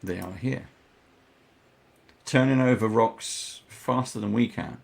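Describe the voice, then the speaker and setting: Slow creaky-voiced game master. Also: male voice, lowish voice. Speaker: dungeon master. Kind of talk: narrating a tabletop game in character as an NPC.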